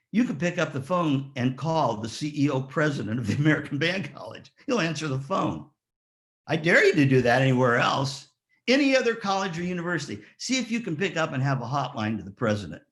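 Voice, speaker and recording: A man's voice: a little high, brisk. A man giving a motivational speech at a graduation ceremony, telling stories and asking the audience rhetorical questions. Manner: lively storyteller, rhetorical questions, acts out quotes. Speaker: ceremony speaker.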